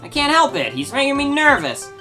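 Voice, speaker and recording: Lady doing a chirpy young girl, high and excited. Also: brisk, faint music behind, heavily acted. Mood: eager. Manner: bubbly, high and eager. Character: chirpy excited young female spirit medium.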